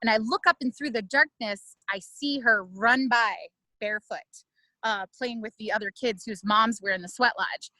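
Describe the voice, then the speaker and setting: Woman, middle-aged, ethnobotanist, casual storytelling, bright voice, dry close sound. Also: on the high side, normal speed, no room sound, poor audio. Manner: conversational, many fillers, warm storytelling pace. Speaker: ethnobotanist leading a virtual plant walk.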